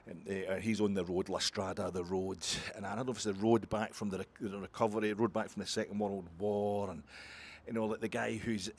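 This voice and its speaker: A man's voice: lowish voice, a little hiss or hum. A Scottish man talking casually in a long rambling monologue, full of asides, restarts and swearing. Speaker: podcast host.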